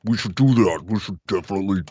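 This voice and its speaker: A man guesting on a casual chat show, joking in a deadpan way. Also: deep voice, quick pace, lo-fi sound, a crowd in the background.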